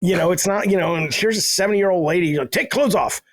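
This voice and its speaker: Rambling middle-aged man, higher voice. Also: quick pace, no room sound. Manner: rambling, self-deprecating storyteller who swears freely. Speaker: guest, game developer. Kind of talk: casual podcast chat.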